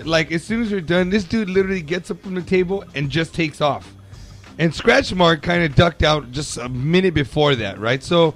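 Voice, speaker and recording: A man co-hosting a radio show, chatting and retelling a story in a relaxed way. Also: a little high. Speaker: radio co-host. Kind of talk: casual storytelling chat.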